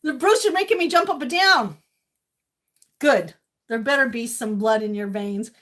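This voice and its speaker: A woman's voice: fairly high pitch, normal speed. Emotional fifties woman from Maine. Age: 50s. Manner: gushing and emotional, swings between tearful and loud squealing laughter. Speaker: livestream host. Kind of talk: casual livestream chat. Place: home kitchen.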